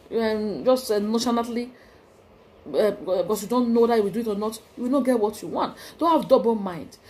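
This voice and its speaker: A woman with a Nigerian accent delivers a devotional sermon to her channel's viewers. She preaches emphatically, repeating phrases to urge her listeners on. Her voice sits fairly high. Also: a little mellow.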